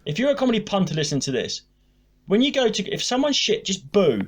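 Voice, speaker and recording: A man co-hosting a comedy podcast, telling a swearing, animated story about a gig and acting out the dialogue. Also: high-pitched, fast talker. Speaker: podcast co-host, stand-up comedian. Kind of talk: casual podcast chat, storytelling.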